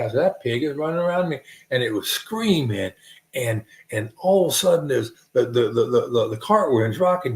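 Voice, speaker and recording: Brief: American man, gravelly voice, animated folksy storyteller, echoey room. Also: medium pitch. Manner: animated, folksy, laughs at his own stories. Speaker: streamer telling stories. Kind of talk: casual rambling anecdote. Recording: roomy echo.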